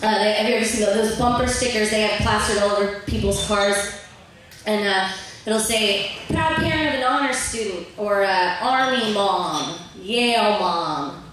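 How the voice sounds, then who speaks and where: A young woman from Virginia performing a stand-up set in a bar, deadpan with filler pauses, sometimes laughing at her own jokes. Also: medium pitch, a little hiss or hum. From Virginia, USA. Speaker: stand-up comic. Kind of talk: open-mic stand-up set. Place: bar stage. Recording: roomy bar audio from a distant mic.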